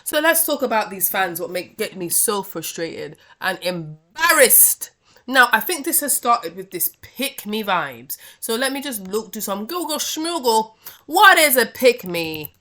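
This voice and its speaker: Woman, podcast host, exasperated rant, crisp bright tone. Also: a little high, measured pace. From Britain. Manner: exasperated, animated, chatty. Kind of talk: casual review rant.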